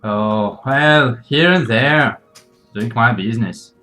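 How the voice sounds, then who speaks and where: A man's voice: mid-range voice, slow, sharp tone, faint music behind, voice pushed down. A man voicing a roguish, secretive uncle in a tabletop game, speaking in a teasing, offhand way.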